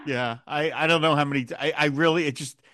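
A man's voice: fairly high pitch, fairly even intonation, fast talker, pushed and bright, no room sound, clean studio sound. A man chatting casually on a podcast, retelling scenes and acting out the characters' lines with chuckles. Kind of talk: casual chat.

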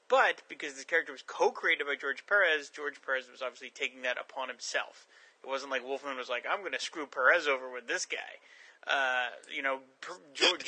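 A man's voice: on the high side, sharp tone, dry recording, low-quality recording. A man co-hosting a casual comics chat, with a wry, teasing manner. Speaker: co-host.

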